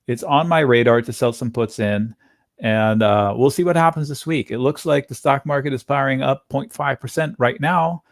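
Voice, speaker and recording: A man in a dry, close-miked room hosting a live trading stream. He talks casually and thinks out loud, jumping from point to point as he reads charts. His pitch sits mid-range for a man. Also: moderate pace, vocal fry, no room sound. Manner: casual, chatty, thinks aloud while reading charts. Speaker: options trading webinar host. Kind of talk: live market commentary.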